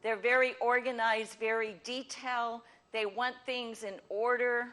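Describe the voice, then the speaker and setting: A woman hosting a ministry talk show, explaining ideas with lively acted-out examples before turning to her guest. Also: on the high side, a little slow. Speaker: host.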